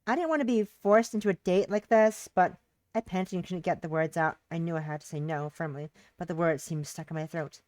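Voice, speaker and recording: A woman's voice: lowish voice, fairly quick, darkish tone, no echo. A young woman streamer, reading a visual novel aloud and chatting with viewers. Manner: reads narration and dialogue aloud, breaks off to chat with viewers. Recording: dry close mic with faint music behind.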